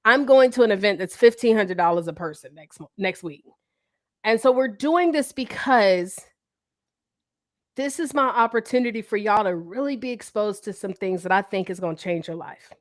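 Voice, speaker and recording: A woman hosting a livestream, telling a story in an animated way and talking to viewers as y'all. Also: mid-range voice, normal speed. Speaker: host. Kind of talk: livestream talk.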